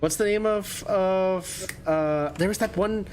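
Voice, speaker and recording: A man's voice: sits high, slow pace, darkish tone. A young man streaming a video game, chatting casually and rambling with frequent self-corrections. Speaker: VTuber streamer. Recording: faint game music behind.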